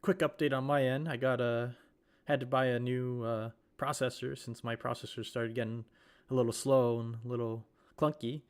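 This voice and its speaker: A man's voice: mid-range voice, fairly even intonation, normal speed, clean tone. A man recovering from a cold gives rambling live-stream commentary on a sim race, correcting himself and using lots of fillers.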